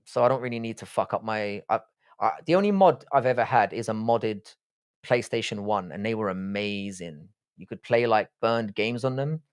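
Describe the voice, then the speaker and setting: A man's voice: on the low side, normal speed, smooth. A man with a Southwest London accent hosting a casual live stream, reading chat and bantering with heavy swearing. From England. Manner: profane, teasing banter.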